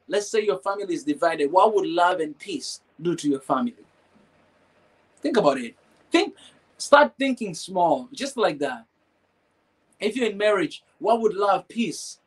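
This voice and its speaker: A man with a fairly high voice hosts a live stream. He talks emotionally and preaches at times, repeats phrases and keeps asking his viewers rhetorical questions. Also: breathy edge, poor audio.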